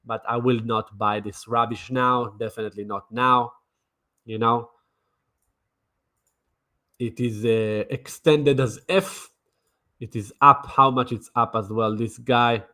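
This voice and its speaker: A man's voice: medium pitch, steady tone, takes it slowly, long pauses, bright, forceful tone. A man streaming crypto trading commentary in a brash, mocking way, swearing and repeating himself. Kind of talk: casual livestream commentary.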